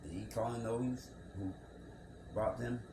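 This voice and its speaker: This reflective Bible commentary comes from a man with a medium-pitched, steady voice who reads a scripture passage at a measured pace. He muses over the text, repeats his words, and asks rhetorical questions, with room echo and background noise around him.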